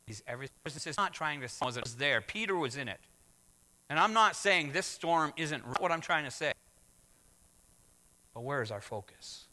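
A man preaching a sermon as pastor, swinging from hushed words to loud exclamations. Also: mid-range voice. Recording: long hall reverb.

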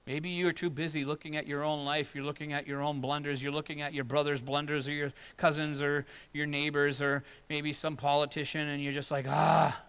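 A man's voice: a little high, flat delivery, brisk, few pauses, a bit bright, smooth, low-quality recording. A middle-aged man preaching a sermon as pastor, earnest and conversational, with short acted asides.

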